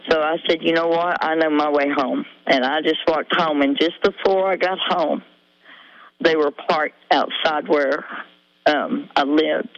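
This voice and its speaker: A middle-aged woman calling in to a radio show, telling her story in a halting, rambling way full of fillers. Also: low voice, steady tone. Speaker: caller. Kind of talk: emotional call-in confession. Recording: dull lo-fi radio call.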